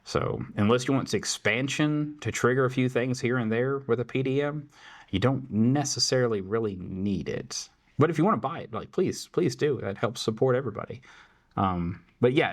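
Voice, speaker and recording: A man hosting a casual tech Q&A, answering viewer questions in a loose, chatty way full of fillers. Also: mid-range voice. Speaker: tech support host. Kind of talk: casual Q&A livestream.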